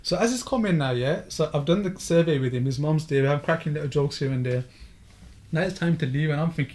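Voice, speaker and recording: A quick, slightly high-pitched man chatting on a podcast. He tells his story in a rush, slipping into the voices of the people he met along the way. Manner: fast, animated, acts out dialogue in the story. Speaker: podcast guest. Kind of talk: casual storytelling chat.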